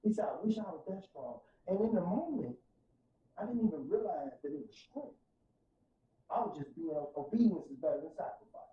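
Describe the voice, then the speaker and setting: St guy preaching his story on a podcast, goes quiet then loud, kinda far off in an echoey room. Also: high voice, very animated, brisk. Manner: fervent, preacher-like, swings from soft to loud. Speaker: podcast guest. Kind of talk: emotional testimony in casual podcast talk. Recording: roomy, distant, dull sound.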